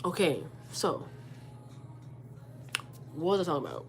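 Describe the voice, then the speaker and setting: A young woman telling a casual storytime rant, animated and incredulous, arguing her side. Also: sits low, unhurried, soft background music. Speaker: vlogger.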